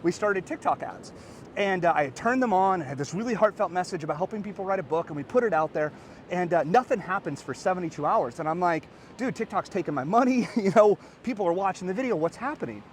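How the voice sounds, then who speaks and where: A man in his thirties, a podcast host and coach, giving an energetic, earnest motivational talk to camera outdoors by a beach. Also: sits high, fast, slight background noise. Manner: energetic, animated and earnest, rising to excited peaks.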